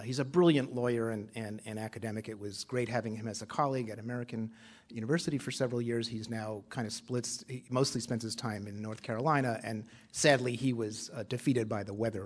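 Joking older man giving a conference talk. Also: medium pitch. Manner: conversational, self-deprecating humor, frequent fillers. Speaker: conference speaker. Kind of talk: conference speech, anecdotal then reading a prepared text.

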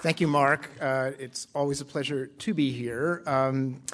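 A man's voice: mid-range voice, fairly even intonation, a little slow, fairly bright tone, a little hiss or hum. An older man speaking at a conference, telling a story with self-deprecating humor and then reading a prepared speech. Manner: conversational, self-deprecating humor, frequent fillers.

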